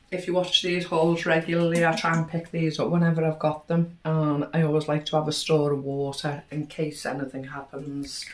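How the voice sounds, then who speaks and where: A middle-aged woman chatting casually through a grocery haul, cheerfully tallying prices and savings. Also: deep voice. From United Kingdom. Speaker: vlogger. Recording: roomy echo, distant mic, faint noise.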